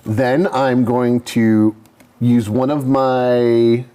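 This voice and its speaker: A man co-hosting a live board game stream, thinking aloud and announcing each move deliberately. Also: mid-range voice, little pitch movement, mellow, clear, resonant tone. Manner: deliberate, thinks aloud over his moves. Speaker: co-host. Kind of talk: casual chat while playing a board game.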